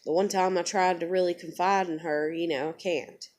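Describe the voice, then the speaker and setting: A woman's voice: on the low side, fairly even intonation, moderate pace, darkish tone. Blunt woman telling her story. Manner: blunt, profane, emotional retelling. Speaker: vlogger. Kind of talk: candid personal storytelling.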